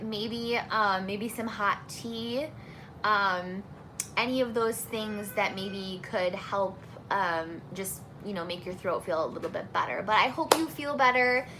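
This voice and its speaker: Bright-voiced woman, chatty singing teacher. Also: fairly high pitch, a little hiss or hum. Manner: friendly, chatty, lots of fillers and restarts. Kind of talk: casual live Q&A chat.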